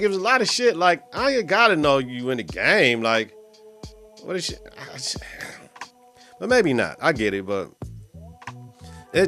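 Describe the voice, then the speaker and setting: A man hosts a casual podcast, reacting to a TV drama episode with heavy profanity and frequent laughter. He jumps into the characters' voices as he retells scenes, his pitch sitting in a middle range for a man. Faint music plays in the background. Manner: profane, animated, laughs often, acts out characters' lines. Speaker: podcast host.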